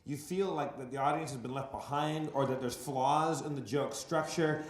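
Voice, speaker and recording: A man's voice: medium pitch, normal speed, slight background noise. A man co-hosting a live podcast on stage, teasing and playful. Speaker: podcast co-host. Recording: echoey live venue.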